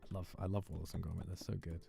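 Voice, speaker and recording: Male streamer, very low gravelly voice, laid-back musing chat, faint background music. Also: fast talker. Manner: relaxed, musing, reads out donations. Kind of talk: casual livestream chat.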